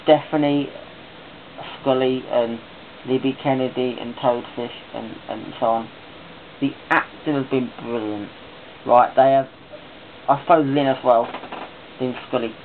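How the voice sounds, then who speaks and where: A man's voice: mid-range voice, fairly even intonation, unhurried, long pauses. A man chatting casually in a vlog, rambling and enthusiastic as he talks on. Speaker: vlogger. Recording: tinny phone-like sound with faint hiss.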